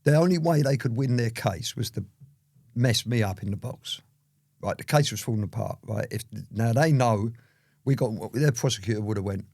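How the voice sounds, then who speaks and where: A man's voice: mid-range voice, moderate pace, darkish tone, no echo, studio quality. A man, an interview guest telling his story in a rambling, casual way full of "you know".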